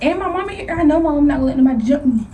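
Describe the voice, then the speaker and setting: A young woman vlogger telling a story in an animated, slangy way, laughing often. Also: high voice, racing. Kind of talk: storytime vlog. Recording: somewhat distant mic with faint noise.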